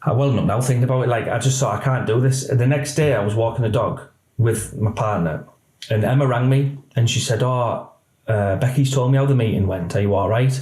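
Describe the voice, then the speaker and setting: Halting man recounting. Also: mid-range voice, darkish tone. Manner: halting, emotional retelling with many restarts. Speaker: podcast guest, former police officer. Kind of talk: candid interview storytelling. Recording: roomy echo.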